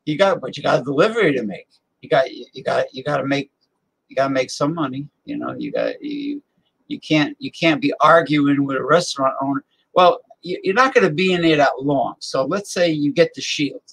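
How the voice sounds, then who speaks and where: A man's voice: medium pitch, sing-song, a little fast, vocal fry, fairly bright tone, breathy edge, low-quality recording. A male host in a casual chat who rambles while giving advice.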